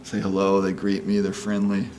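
A man's voice: low-pitched, completely flat delivery, normal speed, darkish tone, a little hiss or hum. A man in his sixties giving a conversational sermon, folksy and chatty, often asking "you know?" and acting out quoted voices. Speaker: preacher.

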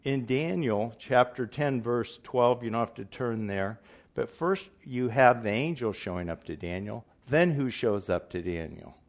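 A man's voice: mid-range voice, lively intonation, measured pace. A man preaching a sermon in earnest, emphatic style, asking his listeners questions.

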